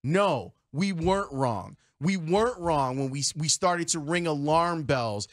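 Give me an emphatic male sports radio host with a high, very lively voice. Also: measured pace. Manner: emphatic, repetitive, fired-up. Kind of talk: heated sports talk radio rant. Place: radio studio.

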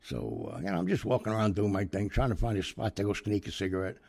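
An older man casually telling an anecdote in a rambling way, acting out the dialogue with lively voices. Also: on the low side, fast, gravelly, slightly rough, no echo. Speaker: storyteller.

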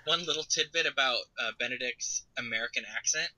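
A woman co-hosting a podcast in casual chat, adding animated asides. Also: a bass voice, brisk, low-quality recording. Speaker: podcast co-host.

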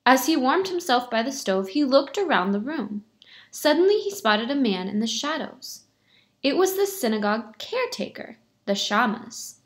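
A woman's voice: high voice, sing-song, moderate pace. Teacher woman reading a picture book aloud.

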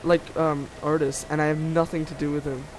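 A man's voice: fairly high pitch, little pitch movement, fairly quick, darkish tone, slight background noise, poor audio. A young man co-playing a multiplayer strategy game, laid-back in casual banter. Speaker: co-player.

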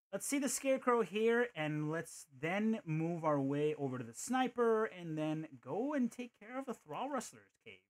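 Male game streamer, animated and jokey, thinks aloud; somewhat high voice. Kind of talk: casual gameplay commentary.

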